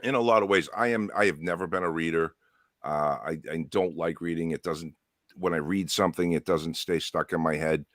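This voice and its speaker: A man's voice: sits low, a little fast, no room sound, clean studio sound. A man co-hosting a podcast, joking crudely and sarcastically with mock outrage. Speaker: podcast co-host. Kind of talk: crude joking pub banter.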